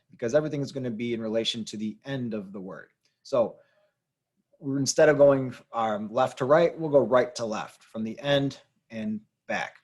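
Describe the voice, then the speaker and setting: A man with a mid-range, darkish voice teaches a classroom-style Spanish grammar lesson. He explains patiently, repeats the key rules, and says "um" now and then.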